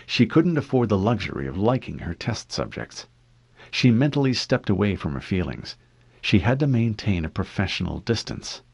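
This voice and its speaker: A man reading a novel aloud as a narrator, expressive and steady. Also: normal speed, creaky, slightly rough, no room sound. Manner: expressive reading with lively pitch. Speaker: audiobook reader. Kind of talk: fan audiobook narration.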